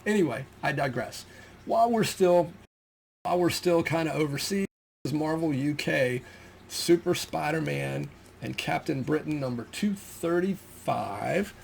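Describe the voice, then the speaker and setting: Gravelly man rambling about old comics. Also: on the high side, expressive, measured pace, a little hiss or hum. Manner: rambling, many ums and restarts. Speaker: comic collector showing his finds. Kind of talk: casual show-and-tell chat.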